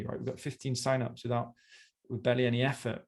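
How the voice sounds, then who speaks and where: A man's voice: medium pitch, little pitch movement, fast, darkish tone. A man giving one-on-one coaching feedback on a presentation, talking in a conversational, encouraging way with many fillers.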